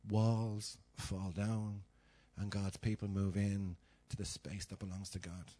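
A man's voice: fairly low pitch, level tone, slow, dark tone. An older man with a Dublin Irish accent, preaching an informal sermon in a church hall, chatty and self-mocking, acting out little dialogues. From Dublin, Ireland. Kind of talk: informal sermon with humorous stories.

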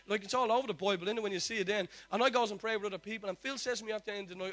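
A man's voice: high voice, rapid-fire, hardly any pauses, fairly bright tone. A man preaching a sermon, telling a testimony with fervent, repeated declarations.

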